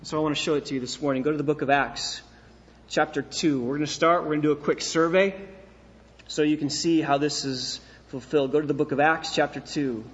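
A man's voice: a little high, steady tone, brisk, big-room sound, lo-fi sound. A male pastor preaching a sermon in earnest, asking rhetorical questions and repeating key phrases.

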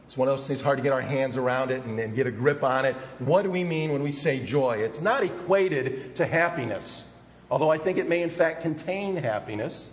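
An older man preaching a sermon, earnest and emphatic, slowing down to stress key words. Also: mid-range voice. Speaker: pastor. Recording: muffled, reverberant hall.

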